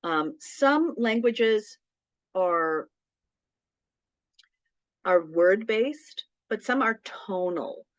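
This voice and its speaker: A woman's voice: medium pitch, lively intonation, extremely slow, pauses often, no room sound. Chatty woman giving a business talk. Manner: conversational, frequent ums and tag questions. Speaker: small business workshop presenter. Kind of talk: casual presentation. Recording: dull, dry lo-fi sound.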